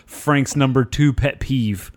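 A man's voice: medium pitch, takes it slowly. A man co-hosting a podcast, joking and swearing in casual banter. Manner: joking, laughs often, swears. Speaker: podcast co-host.

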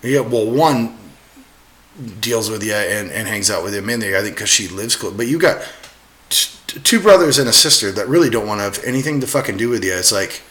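A man swearing constantly as he tells animated work stories in a casual podcast chat. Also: lowish voice, a little fast. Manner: heavy swearing, animated storytelling. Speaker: podcast guest.

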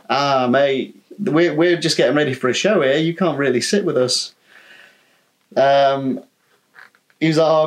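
A man in casual storytelling chat, middle-pitched and easygoing. He swears freely and slips into other people's voices to act out what they said. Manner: chatty, swearing, acts out quotes. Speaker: podcast co-host, former holiday rep.

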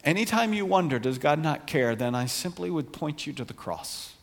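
A man's voice: on the high side, expressive, moderate pace, vocal fry, in a large hall. A man preaching a sermon in an earnest way that rises to passionate emphasis. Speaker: pastor.

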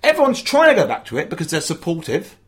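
A man's voice: on the high side, wildly swooping pitch, fast. A man, a stand-up comedian, talking through his craft in an interview over a video call, emphatic and storytelling, acting out quotes. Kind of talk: animated interview chat. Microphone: video call mic.

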